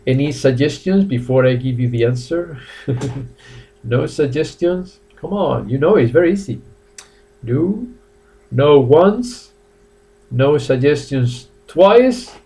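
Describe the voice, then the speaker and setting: A man teaching a live online English class, laughing often and repeating phrases slowly for his students; he says he is a little tired. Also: fairly high pitch, darkish tone, slight background noise.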